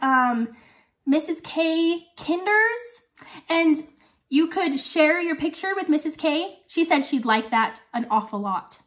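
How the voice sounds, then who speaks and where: A woman's voice: sits high, fairly bright tone. A woman voicing a forgetful old lady who teaches young children, chatting while chewing candy. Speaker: guest teacher for a kindergarten class. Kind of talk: playful video lesson for young children.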